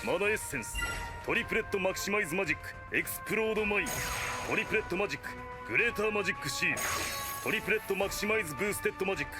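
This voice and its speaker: A man imitating a male anime spellcaster, slowly chanting spell names in clipped katakana-style English. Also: high-pitched, expressive, loud music behind the voice, voice pushed up. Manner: slow, clipped chanting of each spell name.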